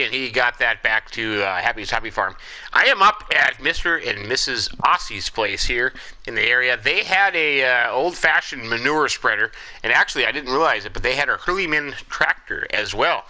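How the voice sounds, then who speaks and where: A man's voice: medium pitch, bright, forceful tone, a little hiss or hum, low-quality recording. A man casually narrating his farming game in a folksy, rambling way, with chuckling asides. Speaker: let's play host.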